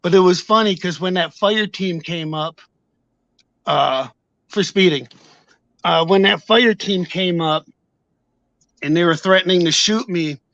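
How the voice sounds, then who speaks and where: A man casually telling a story to his viewers on camera, heated and profane, acting out shouted exchanges. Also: sits high, unhurried, pauses often, no echo, lo-fi sound. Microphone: camera mic.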